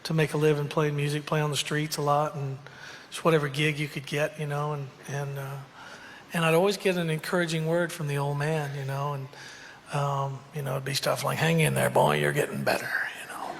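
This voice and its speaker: A man's voice: a little high, flat delivery, fairly quick, big-room sound, a little hiss or hum. A man telling a rambling, humorous story full of fillers and asides. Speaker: country singer telling a story. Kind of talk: casual storytelling to an audience.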